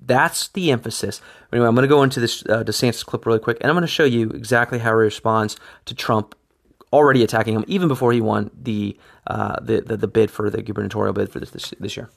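Gravelly low-voiced man commentating. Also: steady tone, fast. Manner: emphatic, repeats words while building points. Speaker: political commentary host. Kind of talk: opinionated political commentary.

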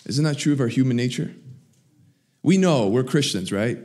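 A man preaching a sermon, swinging between raised, emphatic lines and low, quiet asides. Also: lively intonation, moderate pace, long pauses. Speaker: pastor.

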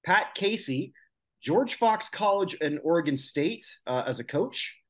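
A man co-hosting a casual podcast chat, reading out lists of names with quick asides. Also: on the high side, expressive. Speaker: podcast co-host.

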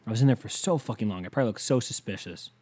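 A man's voice: fairly low pitch, very fast, a little mellow, slightly rough. A man hosting a podcast, ranting casually in a heated, sarcastic, profane way and rambling through stories with lots of filler words. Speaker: podcast host.

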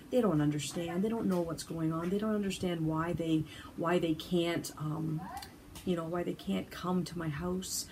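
An older woman, a grandmother, speaks from her sunroom in a low-pitched, heartfelt way, often restarting her phrases. Steady noise sits under the home recording. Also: vocal fry, poor audio. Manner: warm storyteller, halting with restarts. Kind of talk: heartfelt devotional talk.

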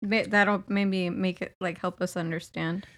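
A woman co-hosting a podcast in casual chat, reacting quickly and asking questions. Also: fairly low pitch, fairly even intonation, fairly bright tone. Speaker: podcast co-host.

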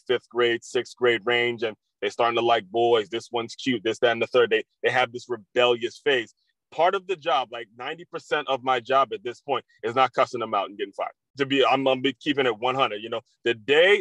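A man's voice: mid-range voice, fairly bright tone, no room sound, low-quality recording. A man hosting a podcast, talking casually and candidly with frequent swearing and restarts. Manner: candid, profane, repetitive restarts. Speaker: podcast host. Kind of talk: casual monologue.

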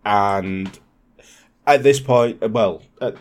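A man from England telling a true crime story on a podcast in a casual, swearing, animated way. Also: on the low side, drawn-out words. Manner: swearing, animated, laughs often.

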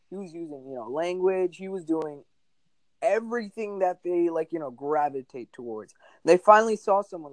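A young man from New Jersey chatting casually as a podcast guest, telling animated stories full of acted-out quotes. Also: sits high, no room sound. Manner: animated, exaggerated storytelling with mock quotes. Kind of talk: casual chat.

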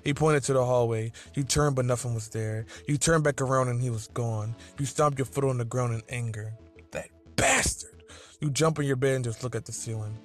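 A man's voice: mid-range voice, steady tone, a little fast, few pauses, soft background music. A man reading a second-person fan story aloud as its narrator.

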